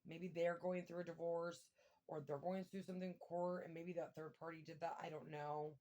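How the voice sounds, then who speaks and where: A woman giving a casual tarot reading, thinking aloud and breaking into excited exclamations and mild swearing. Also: fairly low pitch, fairly quick. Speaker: tarot reader.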